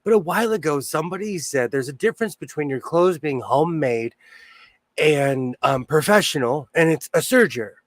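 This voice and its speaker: A man's voice: fairly high pitch, expressive, moderate pace, dry recording. A man hosting a sewing livestream in casual chat, jokey and laughing often as he greets viewers.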